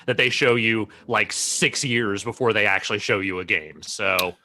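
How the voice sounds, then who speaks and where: A man co-hosting a casual podcast chat, talking quickly with frequent restarts and dry analytical takes. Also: lowish voice, bright, forceful tone, no room sound. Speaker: podcast co-host.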